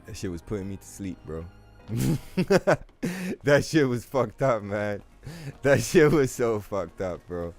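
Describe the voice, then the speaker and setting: Male streamer, lowish voice, loose profane rambling chat with viewers, soft music bed. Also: animated, slow, creaky. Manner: talks to his chat. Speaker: livestreamer. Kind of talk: casual gaming stream chat.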